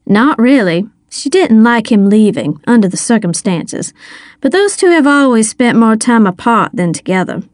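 A woman's voice: on the high side, sing-song, normal speed, dry recording, clean studio sound. A woman reading an audiobook, voicing a wry, protective older woman. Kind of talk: audiobook character voice.

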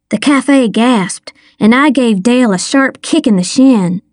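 Slow, measured woman narrating an audiobook. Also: a little high, a little mellow, no echo, clean studio sound. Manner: measured, wry storytelling. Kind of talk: first-person audiobook narration.

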